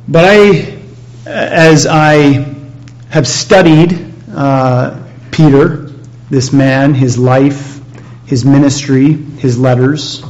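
A man preaching a sermon, teaching slowly through a Bible passage with frequent pauses. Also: a little high, dull audio.

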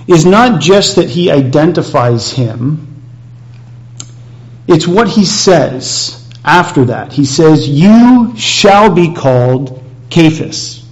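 A man preaching a sermon, teaching slowly through a Bible passage with frequent pauses. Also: on the high side, darkish tone, muffled recording.

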